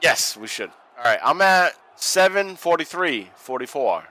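A man co-hosting a casual watch-along podcast, joking, profane and excitable. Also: a little high, a little slow, low-quality recording. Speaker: podcast co-host.

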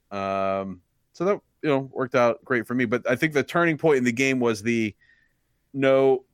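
A man with a middle-pitched voice riffs on sports with sardonic jokes. His talk is casual and close-miked, with a dry sound. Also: smooth, no echo. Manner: sardonic, joking. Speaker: podcast co-host. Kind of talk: casual chat.

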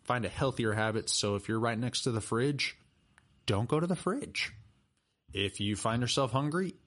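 A man's voice: mid-range voice, normal speed. A young man, a personal trainer chatting casually on a podcast and telling stories with plenty of fillers. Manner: chatty, animated storyteller with laughs and fillers. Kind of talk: casual podcast chat and storytelling.

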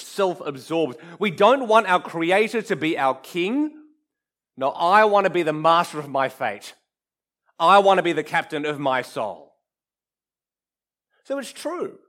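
A man preaching a sermon in an earnest, emphatic way, often dropping to a hush for effect. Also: a little high. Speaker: pastor.

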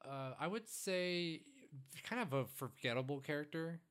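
A man chatting casually about a film, relaxed and agreeable, thinking aloud as he goes. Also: a little high, a little slow, clear, resonant tone.

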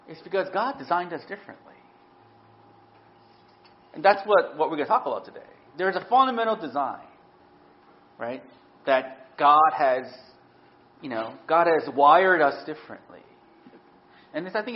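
A middle-aged man preaching a sermon as pastor, telling stories animatedly and often asking "right?". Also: on the high side. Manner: animated storytelling, frequent "right?" tag questions. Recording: dull lo-fi sound.

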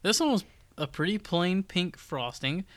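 A man's voice: high voice, lively intonation, a little slow, a bit bright, no echo. A young man co-hosting a podcast in casual chat, matter-of-fact and steering the conversation along. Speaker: podcast co-host.

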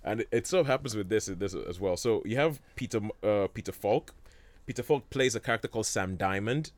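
Rambling low-voiced man chatting about films. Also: a little fast, no echo. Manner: rambling, many fillers and restarts, chuckles often. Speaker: film discussion host. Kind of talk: casual chat about films.

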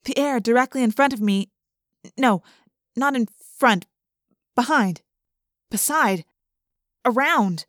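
A woman's voice: on the high side, slow pace, long pauses, dry recording. Woman narrating an audiobook, dry close sound. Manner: vivid, expressive storytelling. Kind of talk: first-person audiobook narration.

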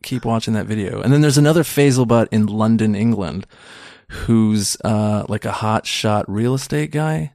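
Rambling thirty-something comedian, dry sound. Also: male voice, fairly low pitch, normal speed, gravelly, darkish tone, no echo. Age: 30s. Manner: rambling, self-deprecating, many restarts. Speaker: stand-up comedian guest. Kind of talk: casual interview chat.

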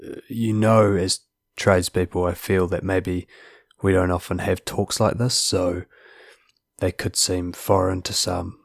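A man's voice: low voice, little pitch movement, a little slow, vocal fry, dry recording, studio quality. A man hosting a podcast, talking earnestly in casual chat and restarting his words often. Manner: earnest, repeats words when starting sentences. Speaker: podcast host. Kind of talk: casual interview chat and outro.

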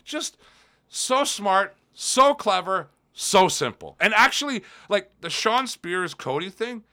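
A man co-hosting a casual chat show, talking in an emphatic, animated way and swearing freely. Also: sits high, slow pace. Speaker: podcast co-host.

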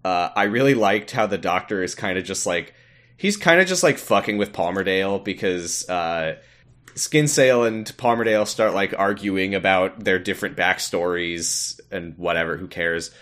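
Wry low-voiced man recapping an episode. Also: normal speed, fairly bright tone. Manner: wry, acts out character quotes with sudden voice jumps. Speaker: podcast co-host. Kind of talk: casual recap chat.

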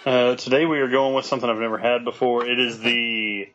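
A young man co-hosts a casual podcast in a mid-range voice. He tosses in quick wisecracks. Faint music sits behind him. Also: medium pitch, level tone, a bit bright, lo-fi sound. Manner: wisecracking, laughs often. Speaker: podcast co-host. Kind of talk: casual chat.

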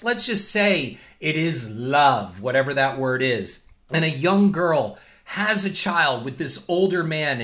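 A man's voice: on the high side, fairly bright tone. A man hosting a talk show, delivering a blunt, indignant and profane opinion rant. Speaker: podcast host.

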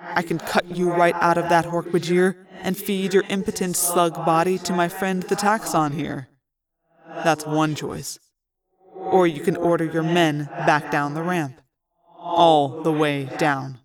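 Menacing alien prince, low n clipped, kinda gravelly, read by a fan narrator. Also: fairly even intonation, unhurried, a crowd in the background, close to an everyday voice. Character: alien war prince in disguise, cold and menacing. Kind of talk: audiobook reading.

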